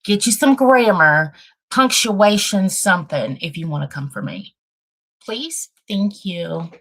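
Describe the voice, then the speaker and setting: A woman hosting a casual livestream with a dry throat, talking bluntly and thinking out loud as she rambles. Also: mid-range voice, lively intonation, slow. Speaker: livestream host.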